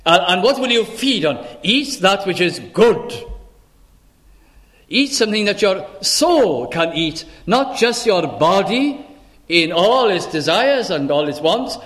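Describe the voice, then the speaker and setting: A man's voice: high voice, lively intonation, takes it slowly, fairly bright tone. A male minister preaching a sermon with earnest, pleading rhetorical questions and quotations in old-style scripture wording.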